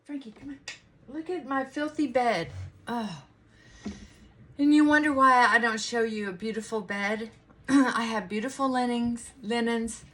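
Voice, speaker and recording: A woman's voice: fairly high pitch, measured pace, a bit bright. A middle-aged woman chatting casually to her viewers in her bedroom, rambling with asides to her dog. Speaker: vlogger. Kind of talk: casual morning chat.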